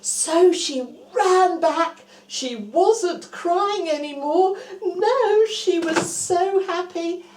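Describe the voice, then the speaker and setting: A woman telling a Bible story to young children, dropping to hushed whispers and rising to bright exclamations. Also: very high voice, extremely slow, hardly any pauses, roomy sound, a little hiss or hum.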